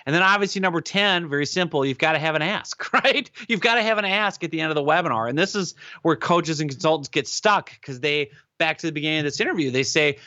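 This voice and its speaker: A man being interviewed, giving advice in an animated, emphatic way and often checking in with "right?". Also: fairly high pitch, quick pace, few pauses, dry recording, muffled recording. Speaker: guest expert on webinars.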